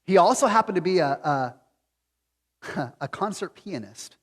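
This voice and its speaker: Male pastor, sermon, high voice, long hall reverb, hushed then pleading loudly. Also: lively intonation, a little slow. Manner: swings from hushed to near-shouting pleading. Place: church sanctuary.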